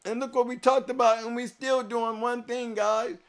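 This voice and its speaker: A man with a notably high voice holds forth on his live show, hammering his points home and repeating them for weight. He swings from loud, emphatic declarations down to low, quiet reflection. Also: level tone, normal speed, smooth. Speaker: show host. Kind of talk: live-stream chat to viewers.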